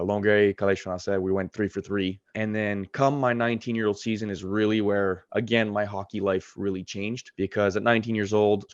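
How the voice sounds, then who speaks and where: Fast-talking young man telling his story. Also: fairly low pitch, no room sound, highs cut off. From Montreal, Quebec, Canada. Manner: fast, animated storytelling with frequent asides and corrections. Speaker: interview guest, college hockey goalie. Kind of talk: casual storytelling.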